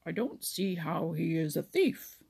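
A woman's voice: fairly low pitch, very animated, vocal fry, darkish tone, breathy edge, exaggerated voice. A woman voicing a mild, wise old frog. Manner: mild, unhurried, stammering. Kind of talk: storybook reading.

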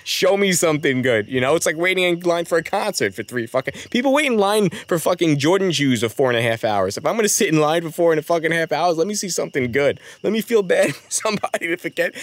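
A young man, a podcast co-host, ranting profanely in casual comedic chat. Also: fairly high pitch. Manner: rapid, profane, animated ranting.

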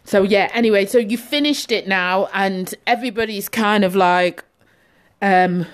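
A woman's voice: mid-range voice, measured pace. A middle-aged woman telling a story in casual chat on a podcast, frank and full of swearing.

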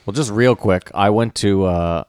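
A lower-voiced man, a podcast co-host, tells a rambling story in a dry, close-miked room. He swears freely and jumps into the voices of the people in his story, going low and flat for some and high and loud for his own outbursts. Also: unhurried, clean tone, no room sound. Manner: animated, profane, acts out quoted voices. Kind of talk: casual storytelling.

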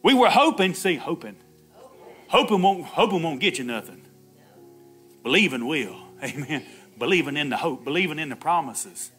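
A man's voice: fairly high pitch, lively intonation, moderate pace, fairly bright tone, husky, faint music behind. A man preaching an Easter sermon, laughing often, calling out "Amen" and acting out the Bible dialogue himself. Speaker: pastor.

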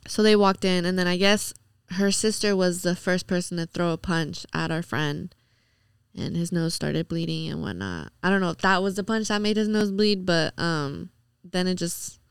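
Smooth-voiced young woman telling a story. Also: lowish voice, a little slow, no echo, clean studio sound. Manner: chatty, retells the night with quoted dialogue and "like"s. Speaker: podcast guest. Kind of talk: casual storytelling.

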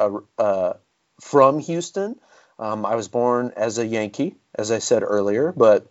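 A man's voice: fairly low pitch, dull audio. A man chatting casually as a podcast guest, polite and easygoing. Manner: polite, easygoing, says "yes, sir" often.

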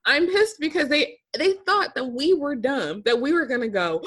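A woman's voice: high voice, lively intonation, normal speed, few pauses. A woman co-hosting a casual recap podcast, ranting with exasperation and laughing often. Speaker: podcast co-host.

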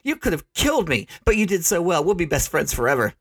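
A man's voice: a little high, big pitch swings, quick pace, a bit bright, voice pushed up, exaggerated voice. Man putting on a gushing clingy young woman.

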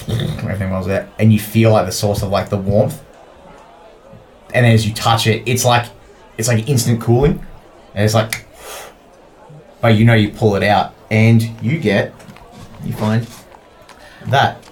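A man's voice: lowish voice, steady tone, moderate pace, pauses often, slight background noise. A man narrating a tabletop game as dungeon master, in a loose, rambling way full of fillers.

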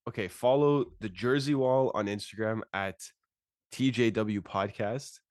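Laid-back podcast host, "bro" in every breath. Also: male voice, lowish voice, a little slow, a little mellow, dry recording, studio quality. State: congested. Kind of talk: casual podcast chat.

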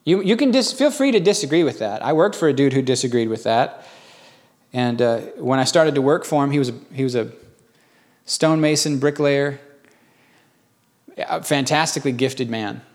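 A man preaching a sermon in a folksy, lively storytelling way. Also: mid-range voice, normal speed, long pauses. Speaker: pastor.

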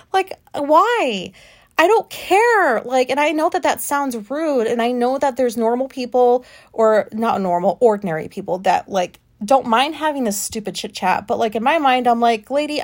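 Woman, late thirties, solo podcast host. Anxious, frustrated, rambling and profane. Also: a little high. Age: late 30s. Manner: rambling, profane venting with many fillers. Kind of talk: casual solo podcast monologue.

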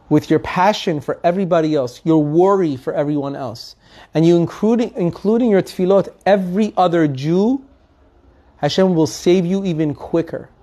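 A man's voice: fairly high pitch, lo-fi sound. A man giving a weekly Torah lesson, telling stories earnestly and asking his listeners rhetorical questions. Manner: animated storytelling with rhetorical questions. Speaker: Torah teacher.

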